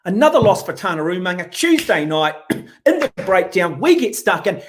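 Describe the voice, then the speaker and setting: A man's voice: sits high, big pitch swings, normal speed, a little hiss or hum. A man, a rugby pundit ranting sarcastically and bluntly on a talk radio show.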